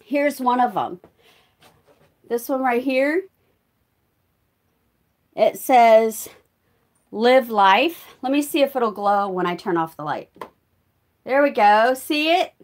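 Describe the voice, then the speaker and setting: A woman's voice: on the high side, lively intonation, slow pace, long pauses. An older woman chatting casually on a live stream while doing chores at home and reading out viewer comments. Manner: chatty, warm toward her cats, answers viewer comments. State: winded from walking. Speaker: vlogger. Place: her home, moving between rooms.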